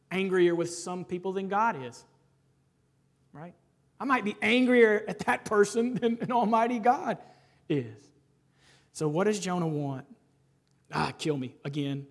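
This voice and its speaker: High-voiced animated male preacher. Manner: conversational, frequent "right?" asides; animated, often rising to emphasize. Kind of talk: expository sermon.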